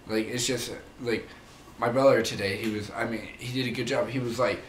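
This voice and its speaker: A man's voice: mid-range voice, steady tone, fairly quick, echoey room, a little hiss or hum. Heated young man ranting, profane. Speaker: vlogger; manager. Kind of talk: casual rant to camera.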